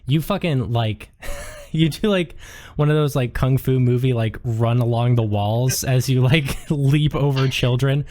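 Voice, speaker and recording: A man's voice: medium pitch, measured pace, dark tone. Laid-back male game master on a headset. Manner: casual, laughing, lots of "like". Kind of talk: narrating a tabletop game.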